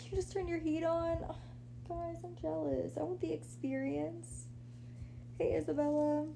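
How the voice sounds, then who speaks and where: Young woman, casual livestream host, laid-back and chatty, mellow tone with lots of vocal fry, faint hum behind. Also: very high-pitched, flat delivery, a little slow. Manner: chatty, laid-back, says "like" and "y'all" a lot. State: pregnant, a little out of breath. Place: her apartment, lying down.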